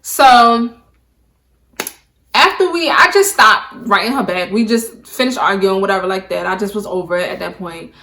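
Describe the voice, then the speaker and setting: A young adult beauty vlogger with a medium-pitched, bright, forceful voice tells a casual story straight to her camera mic at a moderate, steady pace. She is emphatic and says "like" a lot.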